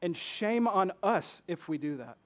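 His voice sits high, very animated yet unhurried, with a fairly bright tone: a Michigan pastor with a Southern accent delivering a passionate church sermon. He fires many rhetorical questions at the congregation.

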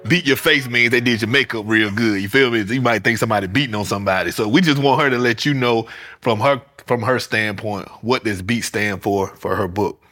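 Animated African American man hosting a podcast. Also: a little fast. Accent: African American English. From United States. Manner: animated storyteller, pitch jumps high when acting out stories. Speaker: podcast host. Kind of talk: casual interview chat.

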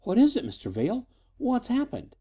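A man's voice: extremely high pitch, wildly swooping pitch, moderate pace, warm tone, husky, pitched above the performer's own voice, exaggerated voice. A man voicing a frightened young woman, breathless and wailing.

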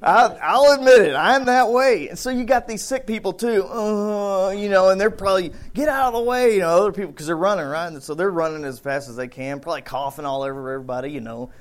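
A man preaching a casual, conversational sermon, acting out bits of the story with shouts and voices. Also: high voice, brisk, few pauses. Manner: conversational, thinks aloud with restarts. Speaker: pastor.

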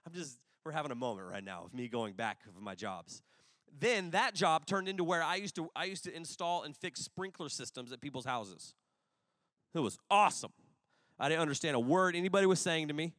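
A man's voice: fairly high pitch, fairly quick, a bit bright, clean studio sound. A young adult man preaching a sermon, telling personal stories in a casual, humorous way with rambling asides. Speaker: pastor. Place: large room with an audience. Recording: long hall reverb.

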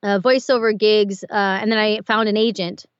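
A woman, an audiobook narrator, chatting as a guest in an interview, animated and quick to laugh. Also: medium pitch, no echo, dull audio. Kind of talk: casual interview chat.

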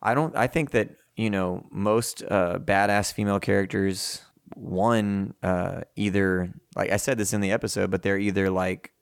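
Male podcast co-host, low and gravelly, dry sound, loose rambling delivery with cursing. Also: fairly even intonation, normal speed, hardly any pauses, dry recording. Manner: rambling, profane, laughs often. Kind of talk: casual chat.

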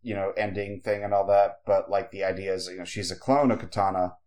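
A man's voice: deep voice, fairly even intonation, fairly quick, darkish tone. A man co-hosting a podcast, chatting casually and rambling with lots of fillers. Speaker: podcast co-host. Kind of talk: casual chat.

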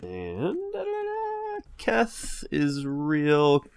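A man's voice: fairly high pitch, wildly swooping pitch, very slow, creaky, noisy background. A man playing a tabletop game, chatting casually and laughing between words. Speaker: player. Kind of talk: casual chat.

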